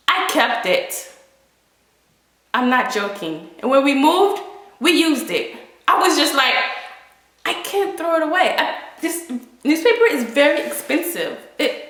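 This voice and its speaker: A bright, high-pitched woman tells a story from her own life, her voice swooping up and down as she laughs and acts out her own panic. The sound is very echoey, as if she is in a bare room. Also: very animated, measured pace. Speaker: vlogger telling a personal story. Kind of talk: animated storytime vlog.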